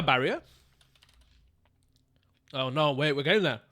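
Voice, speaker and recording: A young man streaming a game live, swearing freely and calling his chat "bro" while he guesses out loud. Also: a little high, normal speed, pauses often. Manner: profane, excitable, calls the chat bro.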